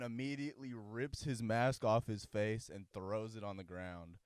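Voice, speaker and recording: A man's voice: on the low side, measured pace, hardly any pauses, clean tone, dry recording, studio quality. A man co-hosting a casual podcast, telling stories in a laid-back way with lots of fillers. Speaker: podcast co-host. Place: home studio.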